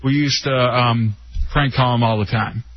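Husky male radio co-host. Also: medium pitch, measured pace, dull audio. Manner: relaxed, amused anecdotes. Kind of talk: casual radio talk show.

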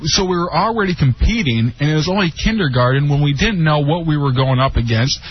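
A man's voice: a little high, animated, a little fast. A man co-hosting a radio show, making dry teasing wisecracks. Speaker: radio co-host. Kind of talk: casual radio banter. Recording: dull lo-fi radio recording with faint noise.

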